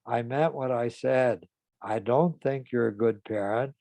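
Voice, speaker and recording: A man voicing a calm, firm woman partner who sets limits in a measured, plain-spoken way. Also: mid-range voice, gravelly, no echo. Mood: resolute.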